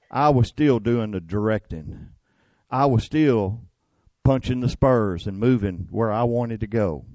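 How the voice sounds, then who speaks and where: Older man, slow-talking homespun preacher, dry close sound. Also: medium pitch, darkish tone, no echo. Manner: folksy, homespun preaching with rhetorical questions. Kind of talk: sermon.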